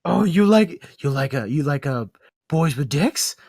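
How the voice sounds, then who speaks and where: A man putting on a creepy male clown monster who slowly coaxes and taunts his victims, as a joke during podcast chat. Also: on the high side, expressive, creaky, very noisy, voice pushed down. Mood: teasing. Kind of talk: comedic impression in podcast banter.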